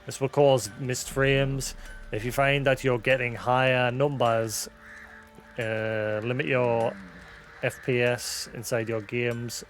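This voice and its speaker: A man's voice: medium pitch, flat delivery, slow, soft background music. A man who hosts a live stream, chatting casually, rambling and self-deprecating, thinking aloud with many restarts. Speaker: livestream host.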